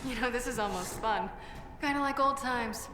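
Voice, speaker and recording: A woman's voice: fairly high pitch, moderate pace, a loud crowd, close to an everyday voice. An actress playing a secretive, self-justifying female dwarf craftswoman in a video game. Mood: teasing. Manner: self-justifying, matter-of-fact. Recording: echoey game dialogue with long reverb.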